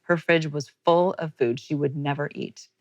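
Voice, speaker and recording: A woman's voice: low-pitched, steady tone, normal speed, no echo, rough recording. A woman podcast host telling a heartfelt personal story in a storytelling monologue, emotional at moments.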